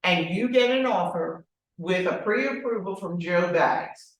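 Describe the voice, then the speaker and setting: A woman's voice: fairly low pitch, measured pace. A woman leading a real estate training class, speaking directly and with animation, often asking rhetorical questions. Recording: echoey room, voice from far off.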